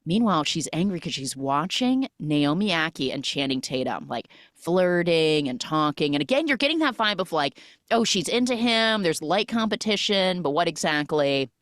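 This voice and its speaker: A woman recapping a film for a podcast, talking casually and leaning on "like" and "you know." Her voice sits on the low side but moves up and down a lot as she tells the story. The recording is dry and close, with no room sound. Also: sing-song, moderate pace, dry recording. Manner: chatty, filler-heavy storytelling that acts out the lines.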